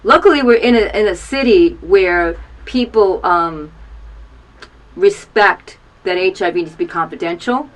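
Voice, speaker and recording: Speaking to camera in a small video booth, a woman in her fifties shares an earnest personal testimony about HIV. She is openly emotional, keeps urging listeners to act, and her voice sometimes sinks low. Her pace is measured, and the recording quality is low.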